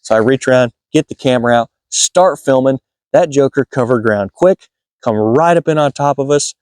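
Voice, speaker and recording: A man hosting a hunting video, telling a folksy, excitable story about a deer hunt. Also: mid-range voice, moderate pace, dry recording, clean studio sound. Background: guitar music.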